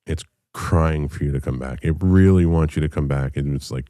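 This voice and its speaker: A man in his thirties telling a personal story in a candid, profane way, halting often with fillers. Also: rumbling low, mellow, no room sound, clean studio sound. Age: 30s.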